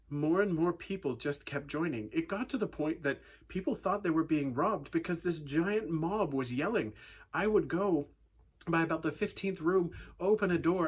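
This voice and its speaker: A man giving a youth talk, telling a funny story with lively acted-out quotes before turning to a message. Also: on the high side, husky. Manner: animated storyteller, acting out quotes. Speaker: youth speaker.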